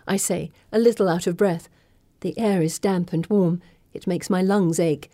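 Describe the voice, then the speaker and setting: A woman narrating a first-person audiobook in a steady, intimate storytelling manner. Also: lowish voice, moderate pace, no room sound, clean studio sound.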